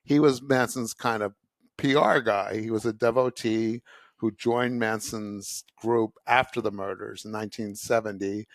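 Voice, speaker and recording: A man's voice: lowish voice, fairly even intonation, measured pace, no echo, clean studio sound. A man as the author guest of an interview, telling his story with animation and acting out voices. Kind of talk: conversational interview.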